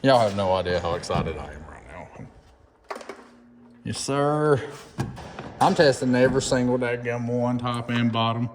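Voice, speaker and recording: A man, chatting excitedly and folksily in a casual DIY vlog from his unfinished workshop. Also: medium pitch, brisk, hardly any pauses, background noise. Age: 30s. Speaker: DIY vlogger. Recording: echoey reverberant shop room.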